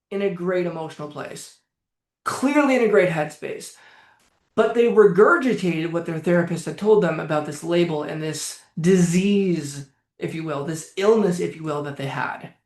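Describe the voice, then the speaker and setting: A man in his late twenties, working as a coach, telling his story in blunt, casual talk with frequent swearing. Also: sits high. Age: late 20s. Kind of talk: casual direct-to-camera talk. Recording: echoey room.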